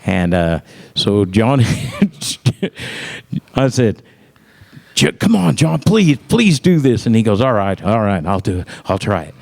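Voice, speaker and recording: A man's voice: lowish voice, big pitch swings, normal speed, gravelly, darkish tone. A middle-aged man telling stories about his music career in casual talk, acting out other people's lines in raised voices and laughing often. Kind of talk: casual storytelling.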